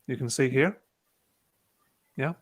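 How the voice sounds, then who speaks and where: A man presenting an online webinar, calmly talking through each click of a teaching tool step by step. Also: medium pitch, takes it slowly. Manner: relaxed, talks through clicks step by step with fillers. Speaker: presenter demonstrating a teaching platform. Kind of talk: casual online webinar demo. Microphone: video call.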